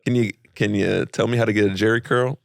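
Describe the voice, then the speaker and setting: Fast-talking gravelly co-host. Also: male voice, on the low side, steady tone, no room sound, clean studio sound. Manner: fast, joking, self-mocking. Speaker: podcast co-host. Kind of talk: casual chat.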